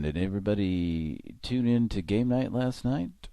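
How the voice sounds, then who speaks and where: Deep-voiced man rambling casually. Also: expressive, moderate pace, vocal fry, warm tone, smooth, no room sound. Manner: rambling, many fillers and restarts. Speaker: host. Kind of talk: casual live show chat.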